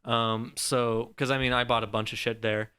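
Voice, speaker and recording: Young man with a smooth voice. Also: medium pitch, level tone, moderate pace, bright, forceful tone. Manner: laid-back, laughing, lots of "like". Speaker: podcast co-host. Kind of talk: casual chat.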